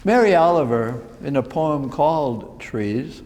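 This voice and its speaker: A Jesuit priest giving a sermon in a church, speaking in slow, reflective phrases. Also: male voice, on the high side, animated, a little mellow. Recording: long reverb of a large hall.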